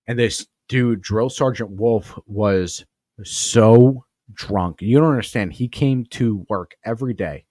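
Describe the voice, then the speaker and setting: A man's voice: lowish voice, takes it slowly, dark tone, no room sound. A man hosting a podcast, telling rambling, profane stories full of tangents. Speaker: podcast host. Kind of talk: casual storytelling.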